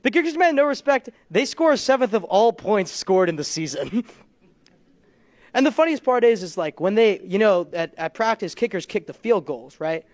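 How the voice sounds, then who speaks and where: A young man on stage doing stand-up, his voice sitting notably high for a man. He rambles through self-deprecating stories, chuckling at his own lines. The sound is dry and close, with little room echo. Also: lively intonation, normal speed, a little mellow. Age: young adult. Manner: rambling, self-deprecating storytelling with frequent laughs. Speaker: stand-up comedian. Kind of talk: stand-up comedy set. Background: audience laughter.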